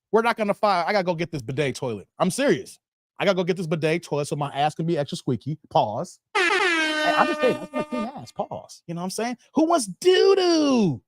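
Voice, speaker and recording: A man's voice: high voice, dry recording, clean studio sound. A man hosting a livestream, reading chat comments aloud in casual slangy banter and laughing often.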